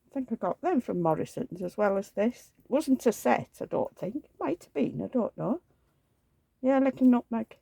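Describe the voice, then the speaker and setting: A woman's voice: on the high side, animated, moderate pace, gravelly, mellow, breathy edge, no echo. A woman, rambling through homely anecdotes in a chatty vlog and acting out the dialogue. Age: 70s. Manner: rambling anecdotal storytelling, acts out quoted dialogue. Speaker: reborn doll collector.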